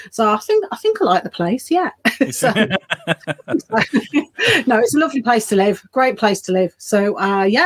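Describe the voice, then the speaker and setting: A middle-aged woman with a Birmingham accent, a children's author chatting as a guest, laughing lightly and self-deprecating. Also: on the high side. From Birmingham, England. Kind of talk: casual interview.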